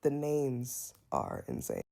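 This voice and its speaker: A woman's voice: a bass voice, vocal fry. Sassy Brooklyn woman reviewing reality TV. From Brooklyn, New York. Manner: animated, sassy, blunt commentary with quick asides. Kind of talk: casual episode review vlog.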